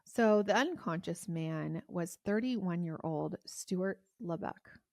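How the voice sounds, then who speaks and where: Chatty low-voiced podcast host woman. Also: vocal fry, a little mellow, no room sound. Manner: chatty, lots of "like" fillers. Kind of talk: casual true crime storytelling.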